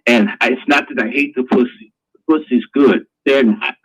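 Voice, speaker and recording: A man's voice: mid-range voice, normal speed, husky, poor audio. A man hosting a live online talk show, ranting in a crude, preachy way. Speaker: host.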